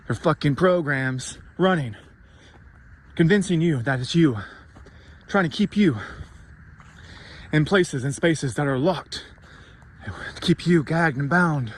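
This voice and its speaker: A man's voice: fairly high pitch, unhurried, pauses often. Intense swearing man ranting. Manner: intense, swearing, rambling and self-mocking. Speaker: podcast host. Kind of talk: profane motivational rant.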